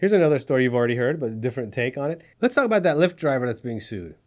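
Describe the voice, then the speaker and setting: A man's voice: mid-range voice, sing-song, very fast. A man hosting a satirical news show, sarcastic and exasperated, often laughing at his own jokes. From Middle East. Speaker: comedy news host.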